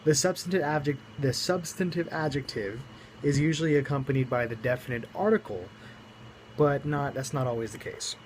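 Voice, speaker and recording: A man's voice: fairly high pitch, moderate pace, a little hiss or hum, rough recording. A man teaching Greek grammar in a recorded lesson, explaining each point step by step and muttering small self-corrections.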